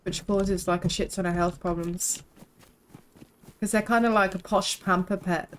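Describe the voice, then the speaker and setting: A woman's voice: on the low side, fairly even intonation, moderate pace, rough recording. A young woman, chatting casually and rambling while live-streaming a game, swearing freely.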